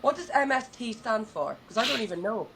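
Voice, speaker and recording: A woman's voice: a little high, animated, a little fast, noisy background. A young adult woman hosting a podcast in casual chat, chatty and candid, swearing freely. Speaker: podcast host.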